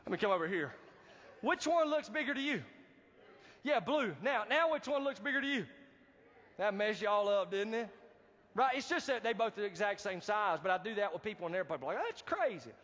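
High-voiced pastor preaching. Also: male voice, brisk. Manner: animated, calls out to the congregation for responses. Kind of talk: sermon. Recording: dull, reverberant hall recording.

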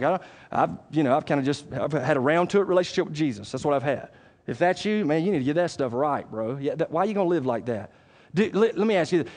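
A male pastor preaching a sermon, conversational and plain-spoken, moving between loud emphatic stretches and quiet asides. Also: a little high.

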